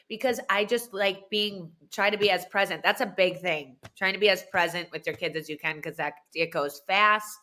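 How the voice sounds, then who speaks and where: A woman's voice: medium pitch, brisk, few pauses, pushed and bright. A woman guest on a podcast, chatting casually and often saying "like.". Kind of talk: casual chat.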